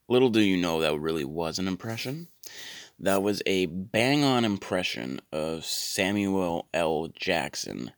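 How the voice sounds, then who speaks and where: A man in his thirties hosting a podcast, rambling through a deadpan comic monologue with lots of stammered repeats. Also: sits low, no echo, studio quality. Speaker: podcast host. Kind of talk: comedic monologue.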